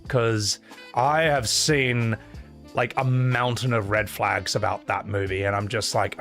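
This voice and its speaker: A man's voice: on the low side, fairly even intonation, measured pace, fairly bright tone, soft background music. A man livestreaming, chatting casually and reading donation messages. He rants with profanity and strong opinions. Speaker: streamer.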